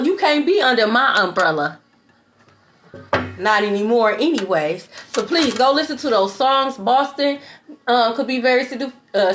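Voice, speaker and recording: A woman's voice: a little high, a bit bright. A woman giving a spiritual tarot reading in a blunt, preachy way. She swears, laughs in scorn and keeps asking "okay?". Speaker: tarot reader.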